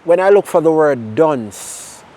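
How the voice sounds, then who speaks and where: A man with a Jamaican accent sharing his personal testimony in a conversation, telling it in a lively way with bits of patois. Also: on the high side, measured pace. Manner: animated storyteller mixing in patois. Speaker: interview guest.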